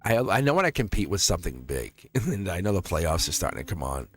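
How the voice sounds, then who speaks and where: A deep-voiced, middle-aged man hosts a live tarot stream, talking fairly quickly with big swings in pitch over soft background music. He rambles in a casual, chatty way and laughs often.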